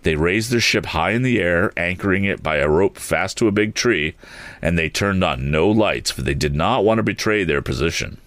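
A man's voice: deep voice, moderate pace, dry recording. A man reading a story aloud, giving each character a voice, with a few restarts along the way. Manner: animated, lively reading with occasional restarts. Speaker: audiobook reader.

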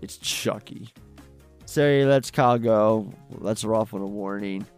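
A man's voice: lowish voice, normal speed, a little mellow, clear, resonant tone, soft background music. A man co-hosting a film podcast, casually and enthusiastically retelling scenes with some swearing. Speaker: podcast co-host. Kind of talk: casual film review chat.

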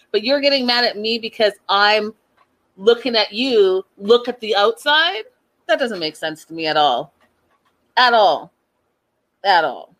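A woman hosting a reality TV recap, giving sassy and animated opinions and repeating her points for emphasis. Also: a little high, poor audio. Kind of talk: casual opinionated commentary.

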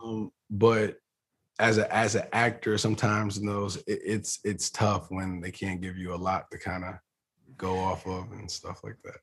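A man's voice: sits low, little pitch movement, measured pace, gravelly, fairly bright tone, husky. A man being interviewed as an actor, chatting casually and rambling with many restarts and fillers.

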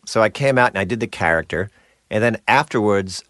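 A middle-aged man from New Jersey, a voice actor, telling stories in a casual interview with crisp, clipped enunciation and a slight Jersey edge. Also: fairly low pitch, brisk, no room sound. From New Jersey, USA. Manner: animated storyteller, slips into voices. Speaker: voice actor guest.

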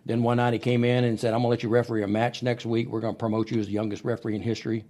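This middle-aged man talks in a rapid-fire, mid-range voice. As a guest in a podcast studio, he tells wrestling stories during a storytelling interview, animatedly acting out the voices of the people involved.

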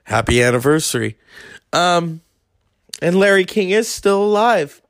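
Gravelly man telling a crude story. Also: sits high, sing-song, unhurried, a bit bright, no echo, studio quality. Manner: crude, rambling, acts out quoted voices. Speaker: podcast host. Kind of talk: casual storytelling monologue.

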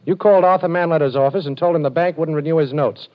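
An actor playing a cool, wisecracking male detective in a 1940s radio drama, wry and quick with a joke. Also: on the high side, close to an everyday voice. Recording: dull old radio recording.

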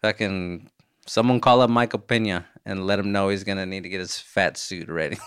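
A man in his thirties hosting a podcast, answering listener voicemails with animated, jokey storytelling and casual swearing. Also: low-pitched, brisk, over music. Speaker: podcast host.

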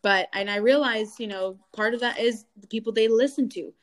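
A young adult woman guest in an interview, telling a painful family story with animated delivery and acted-out quotes of other people. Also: a little high, moderate pace. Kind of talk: candid personal interview.

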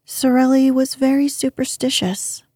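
A woman narrating a bedtime sleep story in a soothing, hushed voice that often drops to a whisper, close to the mic. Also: high-pitched, completely flat delivery, normal speed, no room sound.

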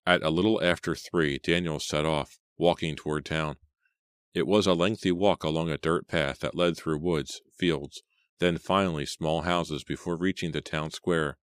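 Man, audiobook narration, very deep voice, dry recording, measured dramatic reading. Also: steady tone, clear, resonant tone, no room sound.

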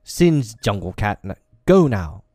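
A man's voice: fairly low pitch, big pitch swings, takes it slowly, warm tone, no echo, studio quality, pitched above the performer's own voice, exaggerated voice. A man voicing a defiant young man-cub raised by wolves, with commanding, old-fashioned speech, in an audiobook reading.

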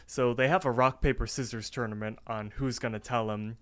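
A man's voice: medium pitch, flat delivery, a little fast, fairly bright tone, clear, resonant tone. A man co-hosting a podcast, casually retelling a cartoon episode with lots of fillers. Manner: rambling retelling with fillers and quoted lines. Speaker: podcast co-host.

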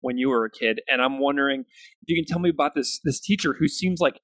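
Gravelly podcast host, casual and dry. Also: male voice, medium pitch, fast, fairly bright tone, no room sound. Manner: casual, lots of "like" and "kinda", encouraging. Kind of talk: podcast interview.

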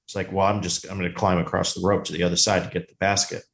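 A man's voice: low-pitched, fast talker, slight background noise. A man co-hosting a casual movie podcast, talking with enthusiasm and telling stories. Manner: animated, enthusiastic storyteller. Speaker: podcast co-host.

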